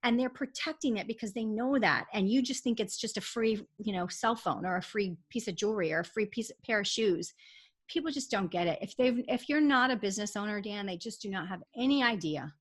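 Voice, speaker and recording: A middle-aged woman, a tax lawyer, talking emphatically in an interview, in quick runs full of fillers. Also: mid-range voice, breathy edge. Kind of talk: casual interview talk.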